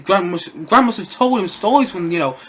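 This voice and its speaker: Young male reviewer, high voice, chatty and rambling, fillers and light laughs. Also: brisk, fairly bright tone, slight background noise. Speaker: film reviewer. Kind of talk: casual solo film review.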